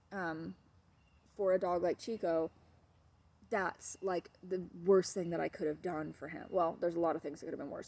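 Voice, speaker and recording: A woman dog trainer giving a casual, chatty video lesson at home, wandering into asides. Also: darkish tone. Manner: chatty, digressive, switches to high baby talk with her dog. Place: at home with her dogs.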